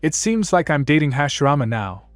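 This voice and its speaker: A man's voice: on the high side, sing-song, brisk, no room sound, faint music behind. Man reading as a flustered, nervous uncle.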